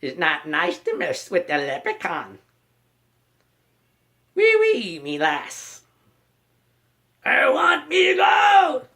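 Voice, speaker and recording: Squeaky old leprechaun, way up high and shrieky, greedy for his gold. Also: wildly swooping pitch, extremely slow, gravelly, pauses often, bright, forceful tone, heavily acted. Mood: menacing. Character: greedy ancient male leprechaun, shrill and cackling.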